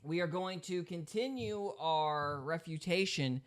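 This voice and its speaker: A man's voice: on the high side, unhurried, clear, resonant tone. A man hosting a podcast in casual chat, upbeat and joking, laughing often. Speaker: podcast host.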